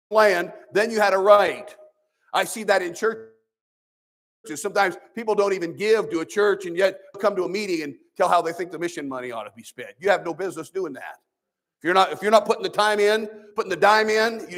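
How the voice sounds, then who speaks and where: A man's voice: high voice, brisk. A man, a pastor, teaching a Sunday school sermon in a preachy, conversational way with sarcastic asides.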